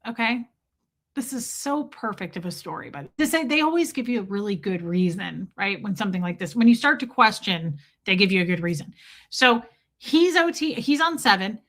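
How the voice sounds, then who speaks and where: Here the host's voice sits in the mid range with a fairly bright tone. On her casual livestream she spins a profane, blunt story and calls out viewer names as she goes, recorded on a streaming setup mic.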